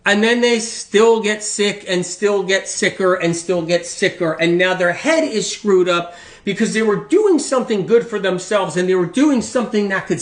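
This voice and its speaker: A man gives an informal health talk in a fairly high voice, hammering his points home by repeating them. He rambles a little and leans hard on emphasis. The room adds a noticeable echo. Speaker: health speaker.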